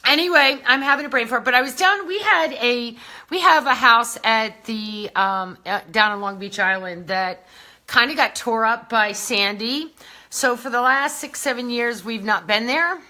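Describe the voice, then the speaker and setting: Woman, slightly breathless, greeting fans live in a high, bright voice. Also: normal speed. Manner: chatty, greets viewers by name. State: a little out of breath. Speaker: beauty brand host. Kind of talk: casual livestream chat.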